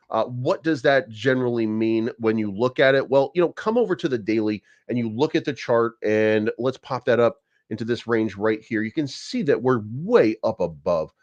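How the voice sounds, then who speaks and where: A man's voice: medium pitch, no room sound, dull audio. A man hosting a crypto channel, talking casually through price charts, rambling with lots of fillers, repeated words and casual swearing.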